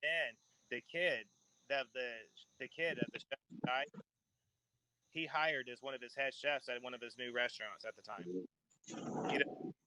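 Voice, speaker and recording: Bright-voiced rambling man. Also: medium pitch, fairly even intonation, moderate pace, long pauses, low-quality recording. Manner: rambling storyteller, laughs mid-sentence. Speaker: podcast host. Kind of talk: casual chat.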